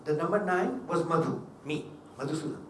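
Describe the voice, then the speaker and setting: A man's voice: on the high side, fairly quick, fairly bright tone, a little hiss or hum. A man giving a seminar talk, telling humorous stories with emphatic delivery. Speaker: seminar speaker. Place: hotel seminar hall. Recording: echoey hall, mic at a distance.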